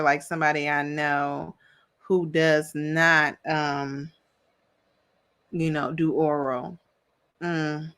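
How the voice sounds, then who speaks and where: A woman's voice: sits low, flat delivery, slow pace, long pauses, a bit bright, clean tone. A woman giving a casual, sassy recap of a reality show, chatty and opinionated, with plenty of slang. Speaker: reality TV commentator.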